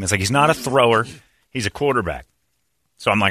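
A man hosting a morning radio show, telling a story in a casual, animated way with frequent laughter. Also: fairly low pitch, a little fast, no echo, clean studio sound.

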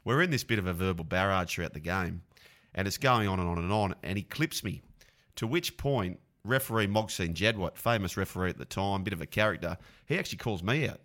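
A middle-aged Australian man, a former rugby league player, telling animated sporting stories in casual podcast chat. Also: deep voice, brisk. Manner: animated yarn-spinner, acts out blows.

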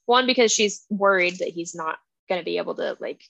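A young woman co-hosting a book podcast, chatting casually and quoting characters with animated voices. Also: fairly low pitch, fairly quick, creaky, no echo. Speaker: podcast co-host. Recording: dull, dry, lo-fi sound.

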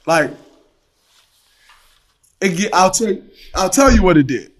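A man in casual chat, telling stories with animated energy and acting out his own shouts. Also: sits high, takes it slowly. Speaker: guest, pro athlete.

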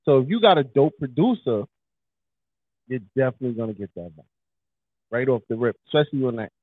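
A man's voice: mid-range voice, fairly quick, dry recording. A man co-hosting a podcast, chatting casually and hyping up his lines. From New York. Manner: animated, hypes up his lines. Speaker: podcast co-host. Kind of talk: casual chat. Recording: husky voice over a tinny phone-like line.

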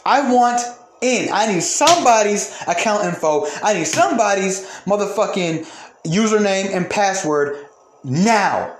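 High-voiced man ranting angrily, roomy echo. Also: animated, measured pace, a little hiss or hum. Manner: angry, profane, repeats for emphasis. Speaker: podcast host. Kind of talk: heated ranting monologue.

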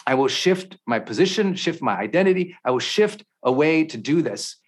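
A middle-aged man giving a motivational talk as a podcast host, telling stories with intense swings from quiet to loud. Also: a little high, lively intonation, moderate pace.

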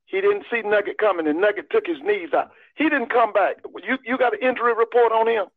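A man's voice: sits high, fairly quick, no room sound. Emphatic man on a phone line. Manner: emphatic, repetitive, folksy. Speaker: caller on a live sports show. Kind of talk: casual sports talk.

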